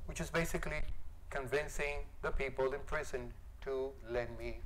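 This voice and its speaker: Guy giving an art talk, musing and halting, lots of ums, normal mid voice. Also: medium pitch, fairly even intonation, fairly bright tone, slight background noise, rough recording. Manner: halting, musing, many fillers. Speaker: visiting artist giving a lecture. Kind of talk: informal art lecture.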